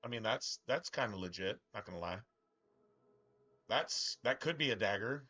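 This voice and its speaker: A man's voice: lowish voice, lively intonation, moderate pace, sharp tone, muffled recording. A middle-aged man chatting casually on a live game stream, rambling and profane, with strong opinions. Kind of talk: casual live-stream chat while gaming.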